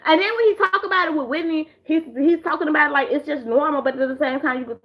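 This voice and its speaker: Tipsy high-voiced young woman rambling. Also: quick pace. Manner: rambling, profane, animated impressions. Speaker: vlogger. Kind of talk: casual drunk show recap. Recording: dull lo-fi home video audio.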